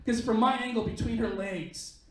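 A man's voice: very high voice, moderate pace. A man performing stand-up comedy on a club stage, telling a crude story in a brash, punchy way. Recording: echoey club heard from a distance. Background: audience laughter.

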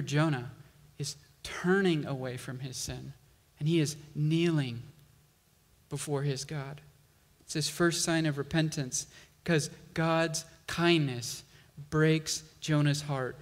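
Guy pastor preaching slow and emphatic, voice a little high, echoing hall. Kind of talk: sermon.

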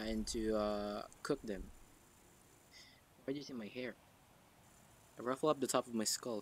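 A man's voice: mid-range voice, slight background noise, poor audio. A man narrating a story casually, rambling and thinking aloud with fillers as he reads. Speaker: story narrator and channel host.

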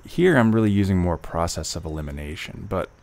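A man tutoring test prep, reading passages slowly and then reasoning aloud through each answer with fillers and restarts. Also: sits low, lively intonation, gravelly, a little mellow. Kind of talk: walkthrough of test questions, thinking aloud.

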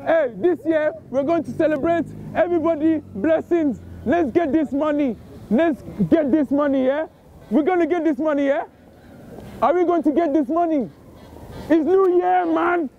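A young man with a London accent, hosting a street prank video, loud and pushy with slang-heavy party hype, recorded outdoors on a city street. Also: extremely high pitch, moderate pace. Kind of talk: hyped street prank banter. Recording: dull lo-fi street recording, faint traffic.

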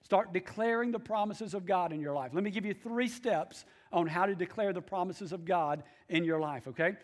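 A man's voice: high-pitched, moderate pace. A male pastor preaching a sermon, emphatic, repeating key phrases and calling out to the congregation.

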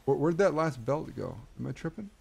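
Animated young male game streamer. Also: a little high, fairly quick, creaky, husky. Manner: swings from muttering to excited yelling. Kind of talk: casual game commentary.

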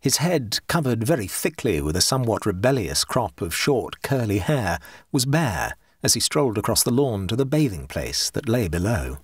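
A man reading a ghost story aloud in a measured, expressive audiobook style. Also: breathy edge, no echo, studio quality. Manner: measured, expressive reading that drops low for speech tags. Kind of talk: audiobook narration.

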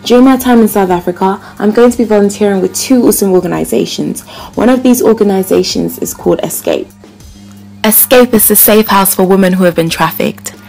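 A young woman reading a scripted voice-over in a steady, informative way. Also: mid-range voice, a little fast, creaky, faint music behind, low-quality recording. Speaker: volunteer narrating her plans.

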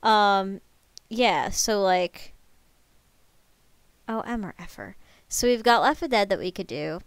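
A woman hosting a live stream, chatting casually and telling stories in an animated way. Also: mid-range voice, slow, smooth, no room sound. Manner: animated, chatty storytelling with laughs. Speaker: streamer host.

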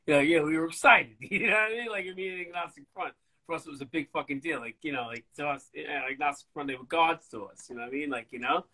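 A man tells stories in a loose, swearing, rambling interview style. His voice sits a little high and rings bright and forceful, and he keeps the tale moving with plenty of asides. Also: fast, poor audio. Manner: profane, rambling, animated storytelling. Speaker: bass player guest. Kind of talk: casual storytelling interview.

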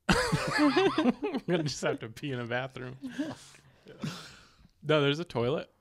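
A man's voice: on the high side, wildly swooping pitch, slow pace. A man co-hosting a podcast, chatting casually and throwing in short, dry quips. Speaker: podcast co-host. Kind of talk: casual banter.

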